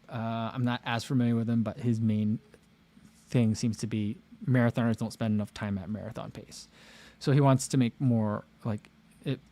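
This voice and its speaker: A man's voice: medium pitch, darkish tone. Rambling casual man hosting a livestream. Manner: rambling, many fillers and restarts. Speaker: livestream host.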